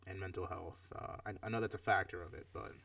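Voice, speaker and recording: A man's voice: low-pitched, fairly even intonation, fast, creaky, fairly bright tone, no echo, distant mic. A man in his thirties chatting casually while reviewing a film, reflective and rambling with many fillers. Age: 30s. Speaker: podcast co-host.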